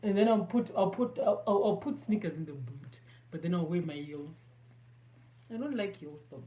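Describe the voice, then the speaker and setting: Her voice is on the low side and warm, expressive and at a normal speed: a Zimbabwean woman with a Zimbabwean accent, chatting through a makeup tutorial. This beauty vlogger makes fun of herself and blends English with Shona.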